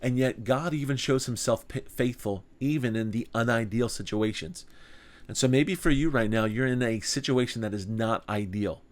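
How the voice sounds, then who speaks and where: A man's voice: mid-range voice, moderate pace. Earnest man teaching a Bible study. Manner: earnest, conversational, with rhetorical questions.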